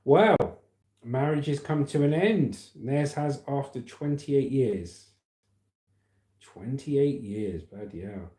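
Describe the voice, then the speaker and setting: A man's voice: medium pitch, animated, slow, warm tone. A middle-aged man hosting a casual livestream, reading out viewer comments and news with a chatty, laughing manner. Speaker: livestream host. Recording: echoey room.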